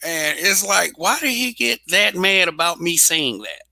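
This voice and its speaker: A man's voice: sits high, animated, measured pace, gravelly, sharp tone, no room sound. A man hosting a casual livestream monologue, blunt and profane, laughing often. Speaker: show host.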